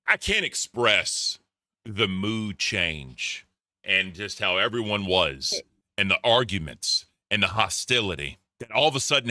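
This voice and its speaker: Blunt deep-voiced man, bright and dry. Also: no room sound. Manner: blunt, profane, repetitive. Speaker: co-host. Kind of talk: casual commentary chat.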